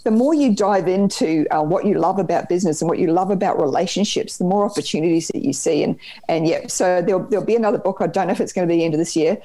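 A woman with a New Zealand accent, a guest on a podcast, telling stories in an upbeat, animated way. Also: on the low side, fast talker, poor audio. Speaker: podcast guest, business trainer. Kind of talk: casual podcast interview.

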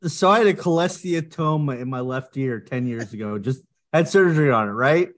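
A man's voice: mid-range voice, lively intonation, fairly quick. A man co-hosting a podcast in casual chat, cracking jokes and laughing along. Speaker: podcast co-host.

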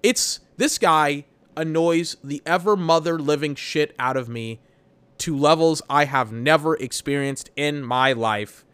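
A man's voice: a little high, measured pace, fairly bright tone, clean tone, no echo. A young man hosting a solo podcast, ranting about his job in a profane, exasperated, rambling way. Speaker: podcast host. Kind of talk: solo venting rant.

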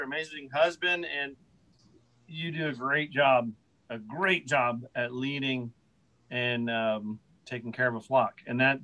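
A man with a Texan accent hosting a podcast, wrapping up with warm, repetitive praise for his guest. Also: medium pitch, poor audio. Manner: warmly praising, repeating himself. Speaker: podcast host. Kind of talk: casual podcast wrap-up.

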